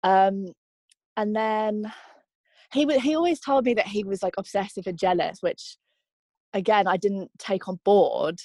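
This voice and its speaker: A young woman recounts her own experience in an interview, candid and reflective, often pausing on ums and likes. Her voice sits at an ordinary middle pitch. The recording is dry and close, with no room sound. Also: dark tone, no echo. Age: young adult. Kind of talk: personal testimony interview.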